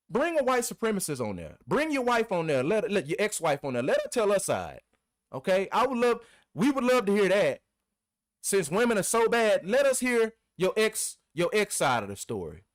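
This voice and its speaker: A man's voice: on the high side, no echo, studio quality. Impassioned man ranting to camera. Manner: heated, repetitive, scolding. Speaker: video host. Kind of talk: impassioned commentary rant.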